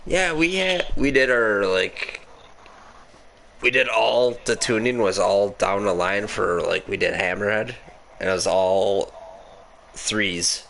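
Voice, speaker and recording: A man's voice: on the low side, takes it slowly, creaky, a bit bright, slight background noise. A man with an Upper Midwest American accent, telling rambling gaming stories in casual chat, swearing and laughing a lot. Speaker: gaming podcast host.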